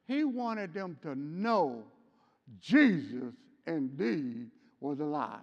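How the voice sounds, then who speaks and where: Man preaching Sunday school, lively pitch swings, slow deliberate call-and-response. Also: vocal fry, long reverb tail, dull audio. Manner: call-and-response, repeats "hello" and "what?"; swings between loud emphatic and quiet low. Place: church.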